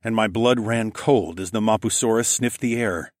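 A man's voice: lowish voice, moderate pace, no room sound, studio quality. A man narrating a first-person story in a gritty, profane storytelling manner. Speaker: audiobook narrator.

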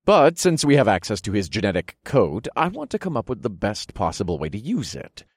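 A smug, deep-voiced supervillain. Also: male voice, wildly swooping pitch, brisk, no room sound, clean studio sound, exaggerated voice. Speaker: first-person narrator. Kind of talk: audiobook narration.

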